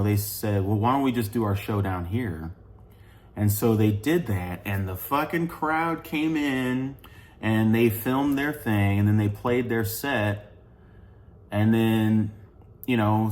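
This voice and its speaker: A man's voice: fairly low pitch, a little mellow. A man from St. Louis, Missouri, telling a long casual story about his band, rambling with many fillers, asides and the odd curse word. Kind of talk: casual spoken recollection.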